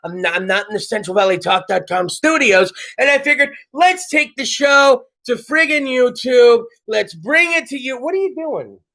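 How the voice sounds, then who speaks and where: Brief: male host, rowdy and jokey, strikingly high-pitched. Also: moderate pace, gravelly, few pauses. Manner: loud, joking, rowdy. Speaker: podcast host. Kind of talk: casual comedic chat show. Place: home studio.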